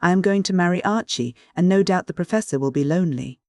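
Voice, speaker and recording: A reader speaking as a young woman in a classic mystery audiobook, cool and blunt with her neighbor. The voice sits at a middle pitch. The recording is dry and close. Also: fast, darkish tone, no room sound, natural voice. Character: cool, frank young woman, engaged to be married. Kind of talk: audiobook dialogue reading.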